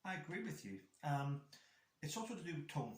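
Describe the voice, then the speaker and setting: A man's voice: a little high, big pitch swings, fairly quick. A man chatting casually as a guest, telling a rambling story about his son and acting out the dialogue. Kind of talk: casual chat. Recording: echoey room.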